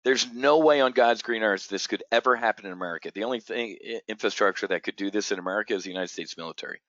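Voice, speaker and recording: A man's voice: on the low side, quick pace, a bit bright, no echo. A man hosting an options trading show, giving an unscripted, blunt and profane market rant full of stammered restarts. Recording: dull, dry lo-fi audio.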